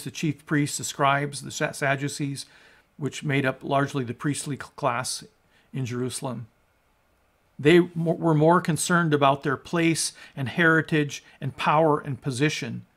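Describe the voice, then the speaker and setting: A man's voice: medium pitch, steady tone, moderate pace, a bit bright. A man preaching a sermon as a pastor, emphatic and conversational, asking his listeners rhetorical questions. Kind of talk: sermon on scripture.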